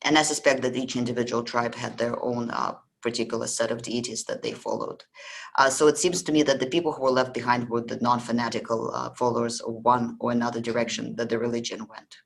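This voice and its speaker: A man's voice: mid-range voice, level tone, fast, creaky, a bit bright, rough recording. A man hosting a history podcast, talking loosely about ancient beliefs with many ums and restarts. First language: Russian. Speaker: podcast host. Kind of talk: casual history lecture.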